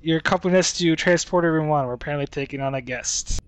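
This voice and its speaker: A man's voice: on the high side, quick pace, smooth, dry recording, close to an everyday voice. A man playing a polite, diplomatic male starship officer who questions a visitor with courtesy. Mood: courteous. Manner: courteous and inquisitive.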